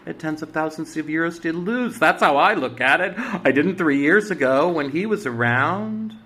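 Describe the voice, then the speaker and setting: A man hosting a spiritual astrology talk, giving blunt, preachy exhortations with swearing, swinging from loud urging to hushed asides. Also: fairly high pitch, expressive, moderate pace. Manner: commanding exhortations. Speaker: spiritual astrology show host. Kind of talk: emphatic motivational monologue.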